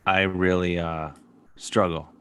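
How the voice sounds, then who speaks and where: A man's voice: low-pitched, flat delivery, slow pace, a bit bright, clean tone. A man hosting a casual chat show, asking his guest playful questions. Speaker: host.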